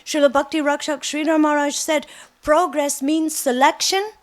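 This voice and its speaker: Middle-aged woman preaching, high voice, lively storytelling, acts out little quotes. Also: moderate pace. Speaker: devotional speaker. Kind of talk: spiritual talk with personal stories.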